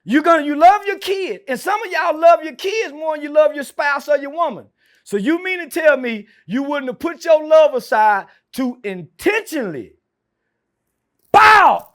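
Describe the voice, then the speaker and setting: This is a man who preaches loudly and argues in rhetorical questions. His voice is high for a man and often rises to a shout. He speaks as a podcast guest in a provocative monologue.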